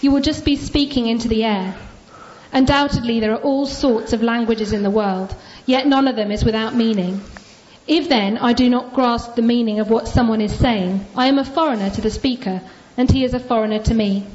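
A woman reads scripture aloud at an even, measured pace, her voice on the higher side. The sound is dull and lo-fi, as if taken from a church recording. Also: a little hiss or hum. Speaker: scripture reader.

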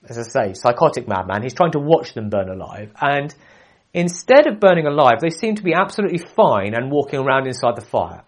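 A man preaching a sermon, telling a Bible story with animated delivery and acting out the quoted lines. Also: mid-range voice.

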